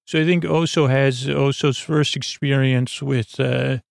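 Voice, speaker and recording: Gravelly, flat-voiced man recapping at bedtime. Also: mid-range voice, no room sound, studio quality. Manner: halting, many fillers and restarts. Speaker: sleep podcast host. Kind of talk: rambling bedtime episode recap.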